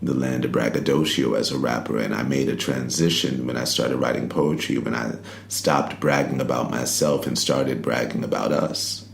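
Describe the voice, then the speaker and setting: Very deep gravelly man, laid-back storytelling. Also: fairly even intonation, normal speed, few pauses, slight background noise. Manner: laid-back, rambling, lots of "you know" and "like". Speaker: interview guest, poet and rapper. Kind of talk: casual interview storytelling. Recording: roomy recording with faint ambience.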